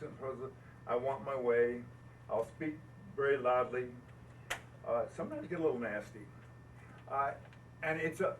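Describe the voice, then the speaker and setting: A man's voice: medium pitch, recorded from a distance, slight background noise, poor audio. An older American man telling folksy stories to an audience about building boats, laughing at himself as he goes. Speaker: boat builder speaking at an owners' gathering. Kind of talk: storytelling talk to an audience. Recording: faint ambience, speaker off the mic.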